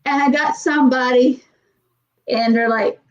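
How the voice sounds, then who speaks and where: A woman telling rambling, animated stories in a casual chat, often acting out what others said. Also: sits high, unhurried, highs cut off. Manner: rambling, animated storytelling with acted quotes.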